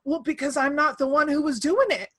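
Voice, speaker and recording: Bright, animated high-voiced woman host. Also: fairly quick. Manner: animated, laughing, acts out quoted voices. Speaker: podcast host. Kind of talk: casual chat. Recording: online call.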